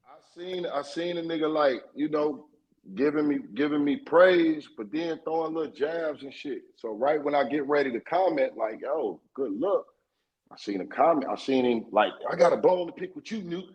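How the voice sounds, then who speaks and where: A man, a guest in a casual interview, telling a story in a streetwise and profane way, getting more animated as he goes. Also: on the high side, normal speed, slightly rough, dull audio.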